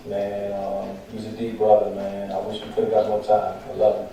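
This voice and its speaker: A man's voice: fairly low pitch, flat delivery, normal speed, hardly any pauses, crowd noise. A man, the son of the deceased, giving a short, emotional tribute at a memorial service. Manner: emotional, plain-spoken remembrance. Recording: distant, very echoey hall.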